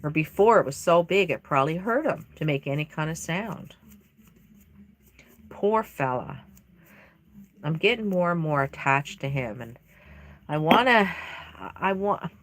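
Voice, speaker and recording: A woman's voice: low-pitched, animated, measured pace, long pauses. A woman chatting casually and emotionally on a livestream from her home craft room while she paints, rambling with many fillers. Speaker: reborn doll artist livestreaming. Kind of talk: casual live-stream chat while painting.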